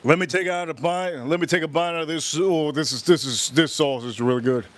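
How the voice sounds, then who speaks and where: A man hosting a casual livestream, chatting and reacting out loud while he eats. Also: on the high side, brisk, a little hiss or hum. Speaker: livestream host. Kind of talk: casual livestream food tasting.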